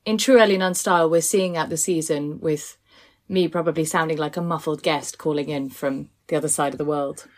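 A woman's voice: low-pitched, steady tone, fairly quick. A woman co-hosting a podcast, chatting casually in a self-deprecating way. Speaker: podcast co-host.

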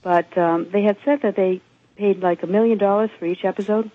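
A man calling into a radio show, chatting in a folksy, opinionated way with halting repeats. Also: high-pitched, fairly even intonation, no echo. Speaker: caller. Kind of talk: casual phone-in chat. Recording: tinny phone line.

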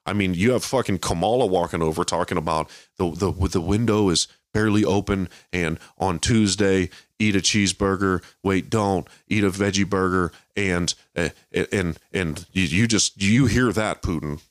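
Podcast co-host, male, very deep voice, angry profane ranter, dry close sound. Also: normal speed, hardly any pauses, no room sound. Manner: heated, swears constantly, mocking impressions. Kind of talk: profane political rant.

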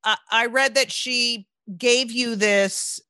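A woman's voice: on the high side, fairly even intonation, takes it slowly, pushed and bright, dry recording. A middle-aged woman from New Jersey hosting a podcast interview, rambling and swearing casually, often breaking off mid-sentence. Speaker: podcast host.

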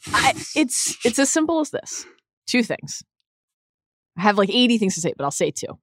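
A woman's voice: fairly high pitch, sing-song, moderate pace, dry recording, studio quality. A woman on a sports podcast panel, speaking in an impassioned, emphatic way with playful jabs in casual debate.

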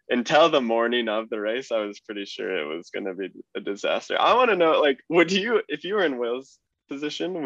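A man's voice: mid-range voice, no echo, highs cut off. A man, a cyclist guest, telling a story in casual chat with lots of fillers and laughter. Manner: relaxed, laughs through stories, many fillers.

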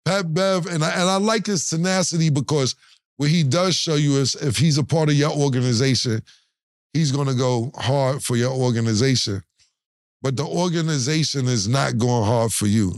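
Male podcast co-host, animated storyteller, mid-range voice, dry close sound. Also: mid-range voice, normal speed, dry recording. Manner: animated storytelling, acts out quotes and laughs often. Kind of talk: casual chat.

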